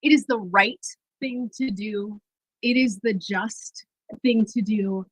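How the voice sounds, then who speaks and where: A woman's voice: medium pitch, slow, husky, no echo, rough recording. A woman, a mother and person of faith, giving an assured, rousing speech at a rally. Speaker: speaker at a political rally.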